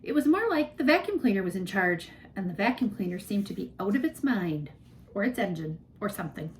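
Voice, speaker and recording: A woman narrating a children's novel aloud in an expressive storytelling manner. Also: mid-range voice, fairly quick, slight background noise, rough recording. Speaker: reader.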